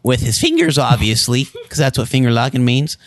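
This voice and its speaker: A man's voice: mid-range voice, a little fast, dry recording, studio quality. A man improvising a crude, rambling confession in a comedy bit. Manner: crude, rambling, lively delivery. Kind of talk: improvised comedy role-play.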